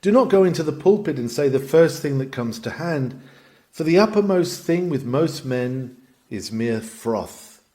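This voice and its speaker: A man's voice: a little high, expressive, a little slow, warm tone. A man reading a sermon aloud with a dramatic, emphatic delivery that swells and drops. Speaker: sermon reader. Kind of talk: read-aloud sermon narration.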